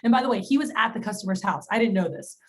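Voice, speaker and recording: A woman's voice: medium pitch, very fast, poor audio. A woman giving a sales training talk in a chatty storytelling manner, retelling phone calls with quoted lines. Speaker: sales manager.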